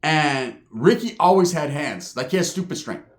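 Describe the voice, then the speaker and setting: A man's voice: fairly high pitch, expressive, moderate pace, echoey room. Profane storytelling stand-up man. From Southern California. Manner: loose, profane, rambling, with tags of "right?". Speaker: stand-up comedian.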